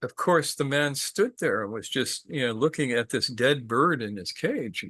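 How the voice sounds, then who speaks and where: A man's voice: medium pitch, animated, moderate pace, few pauses, fairly bright tone, no echo. A man telling a traditional story to a group in a casual way, repeating words and stopping to ask questions.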